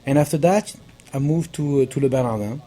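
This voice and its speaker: A man with a thick French accent, a pastry chef guest, telling his story haltingly with many fillers. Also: mid-range voice, mellow. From France. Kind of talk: conversational interview.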